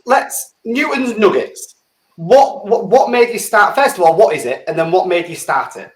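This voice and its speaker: Lively high-voiced host in an echoey room. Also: male voice, moderate pace. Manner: brief prompting questions. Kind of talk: casual interview chat.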